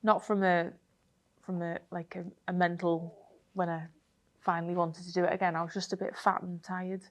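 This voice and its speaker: A woman, a triathlete guest telling a race story in a chatty, animated way full of fillers. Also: lowish voice, moderate pace. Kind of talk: casual interview storytelling.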